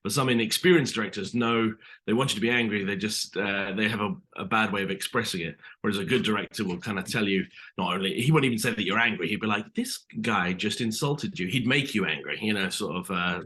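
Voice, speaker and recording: A man's voice: lowish voice, fast talker, bright, forceful tone. A British man, an actor, talking through an interview in a loose, hesitant way full of fillers and restarts. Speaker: actor guest. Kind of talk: casual interview chat.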